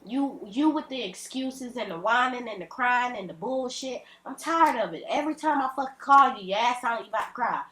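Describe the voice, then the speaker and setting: A woman rants straight into the camera, blunt, emphatic and full of profanity. Her voice sits a little high and rings in an echoey room at home. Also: expressive, a little fast, hardly any pauses, bright, forceful tone. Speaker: vlogger. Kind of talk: ranting direct-to-camera vlog.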